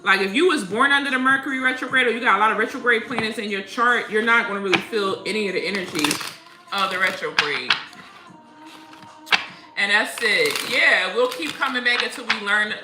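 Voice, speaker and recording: A woman's voice: mid-range voice, brisk. A woman hosting a spiritual livestream, chatting casually and telling stories with lots of laughter. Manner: animated, laughing storyteller. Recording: echoey room with faint music.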